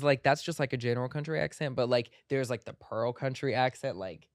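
A low-middle voiced podcast host chatting in a studio. The talk rambles playfully, packed with "like" fillers. The sound is dry and close. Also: fairly quick, hardly any pauses, no echo. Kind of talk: casual chat.

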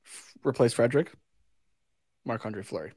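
A man's voice: mid-range voice, animated, moderate pace, darkish tone, husky, no room sound, clean studio sound. A man co-hosting a casual sports podcast, blunt and wisecracking, swearing freely. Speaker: podcast co-host.

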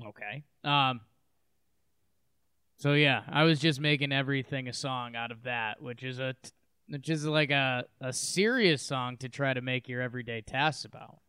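Smooth-voiced man chatting casually. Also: mid-range voice, moderate pace, bright, forceful tone, dry recording. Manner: rambling, hesitant, bursts into goofy singing. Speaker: podcast co-host. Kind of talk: casual chat.

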